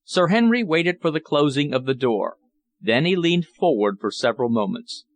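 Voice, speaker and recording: A man narrating a classic novel as an audiobook, measured and gently giving each character a voice. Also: on the high side, expressive.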